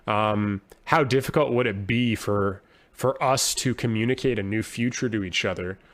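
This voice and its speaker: A man's voice: on the low side, moderate pace, fairly bright tone. Earnest, searching man thinking aloud. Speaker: podcast guest, poet and musician. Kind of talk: conversational interview.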